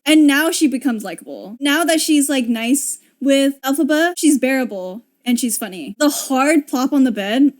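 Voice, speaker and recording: A young woman giving casual movie commentary, expressive, laughing and swearing as she reacts. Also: high voice, moderate pace. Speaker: video creator.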